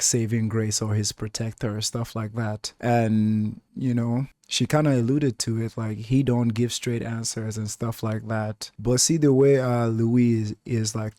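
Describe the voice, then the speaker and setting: Male reaction host, easygoing chat full of "like" fillers, an unhurried delivery, dry close-mic sound. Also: mid-range voice, no room sound. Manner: relaxed, talks things through with many "like" fillers. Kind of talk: casual reaction commentary.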